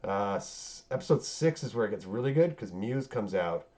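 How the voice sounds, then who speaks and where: Animated yet a little mellow, the fairly low-pitched podcast host talks at normal speed while recapping the show. The chat is casual and rambling, loaded with curses and fillers, on a dull lo-fi recording.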